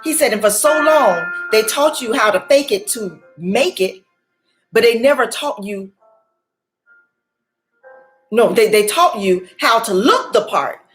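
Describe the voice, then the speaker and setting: A woman in her forties or older talks as a life coach in a preacherly way, repeating her key words for emphasis. Her voice sits a little high. Soft music plays faintly behind her. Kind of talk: motivational faith talk.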